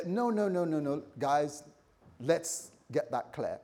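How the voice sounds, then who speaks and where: A man's voice: a little high, takes it slowly. A man preaching a sermon to his congregation, talking animatedly and checking in with the listeners as he goes. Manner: animated preaching with acted quotes and asides to the congregation. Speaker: pastor.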